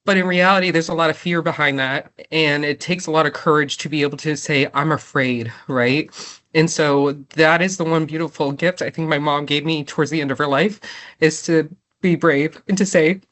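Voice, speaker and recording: A woman's voice: sits low, steady tone, normal speed, fairly bright tone. A woman in her thirties, a guest in an interview, talking from the heart and close to tears, with lots of "like" and "right?". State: tearful. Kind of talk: emotional interview conversation.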